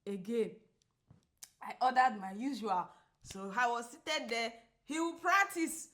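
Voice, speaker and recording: A woman co-hosting a podcast who tells a story in casual chat, acting out the quoted lines and laughing often. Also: unhurried. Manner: animated, acts out quoted dialogue with big pitch jumps; laughs often while telling. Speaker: podcast co-host.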